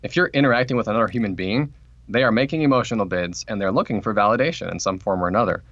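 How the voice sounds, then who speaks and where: An author appearing on a podcast tells a workplace story in a casual interview, his lowish voice fast and animated as he acts out what people said. The recording is dry, with the highs cut off.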